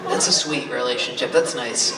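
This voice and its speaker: A woman's voice: rumbling low, moderate pace, very noisy. A woman stand-up comedian doing crowd work on a club stage, brash and profane as she riffs with the audience. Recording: roomy club sound with loud audience.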